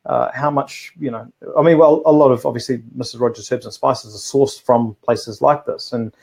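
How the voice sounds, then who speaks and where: A man's voice: mid-range voice, fairly even intonation, moderate pace, vocal fry, darkish tone, slightly rough. A man co-hosting a casual live food show, talking in a rambling way full of restarts and fillers. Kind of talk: casual live-stream chat.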